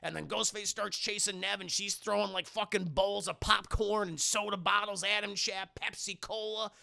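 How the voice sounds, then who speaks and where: A man streaming a casual scene-by-scene film recap to his live chat, animated, profane and laughing often. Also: high voice, normal speed, gravelly.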